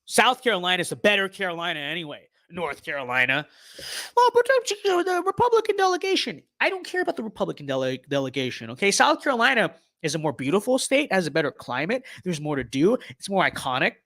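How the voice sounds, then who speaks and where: A young man casually commenting on his own gameplay, sarcastic, muttering to himself and then bursting into excited shouts. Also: fairly high pitch, fast talker, hardly any pauses, dry recording, studio quality. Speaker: streamer.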